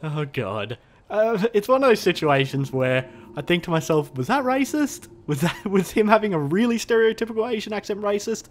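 A man's voice: sits high, animated, normal speed, slight background noise. A man giving chatty, jokey commentary while playing a game. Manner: chatty, jokey, nervous muttering. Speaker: gameplay commentator. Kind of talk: casual let's-play commentary.

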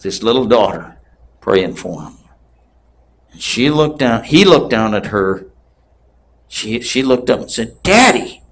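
A man in his sixties preaching a sermon in a slow, emphatic way. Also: lowish voice, lively intonation. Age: 60s.

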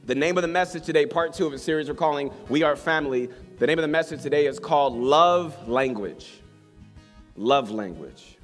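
A man's voice: a little high, lively intonation, brisk. A man preaching a sermon to a congregation in a church, reading scripture and praying in a fervent, exhorting way. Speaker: pastor. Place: church hall with live congregation. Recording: long hall reverb, soft guitar behind.

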